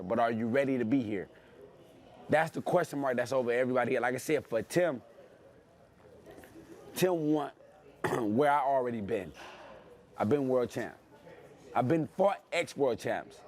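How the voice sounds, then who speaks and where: A man talks like a boxer hyping his next fight. His trash talk is brash and boastful, built on phrases he repeats for effect. His voice sits at an ordinary middle pitch. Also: darkish tone. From Detroit, USA. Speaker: professional boxer. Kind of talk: animated interview talk.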